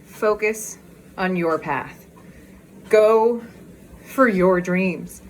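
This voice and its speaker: Speaking very slowly in a mid-range voice, a woman chats through a walking vlog recorded outdoors on her phone, with slight noise in the background. She sounds out of breath yet bubbly and excitable, laughing frequently.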